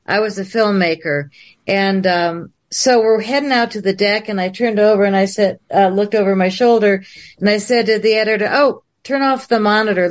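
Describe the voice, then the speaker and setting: A woman filmmaker telling a long story on a livestream, acting out the dialogue in different voices. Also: medium pitch. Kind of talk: animated storytelling. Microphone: livestream video call.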